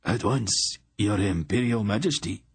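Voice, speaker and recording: A man voicing frightened servants and a cowering king in an audiobook, with a croaking, stammering voice. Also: on the low side, unhurried, no room sound, studio quality, voice pushed up, heavily acted. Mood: fearful. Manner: stammering, fearful.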